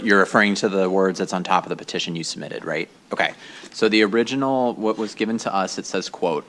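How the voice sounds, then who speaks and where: Low-voiced man reading a document aloud. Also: fairly bright tone. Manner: careful, checking before reading verbatim.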